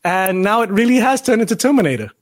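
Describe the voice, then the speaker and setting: A man riffs sarcastically over a film in a casual reaction chat. His voice sits high and swings widely in pitch, and his jokes come one after another. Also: big pitch swings, fast talker, no room sound. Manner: sarcastic, joking commentary.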